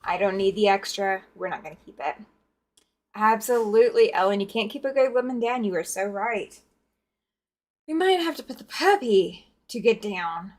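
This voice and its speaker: A woman's voice: medium pitch, animated, normal speed, darkish tone. Chatty woman hosting a quilting livestream. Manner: chatty, greets viewers by name. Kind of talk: live-stream chat while sewing.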